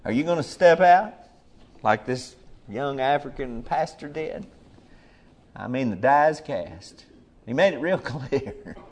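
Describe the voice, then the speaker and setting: A man preaching a sermon, emphatic, swinging between soft murmurs and loud urgent calls. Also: medium pitch, expressive, slow.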